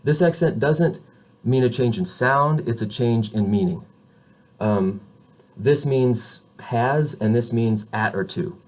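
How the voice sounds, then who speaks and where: A man teaching beginner French pronunciation, explaining casually, correcting himself and modeling sounds slowly. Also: mid-range voice, a little mellow.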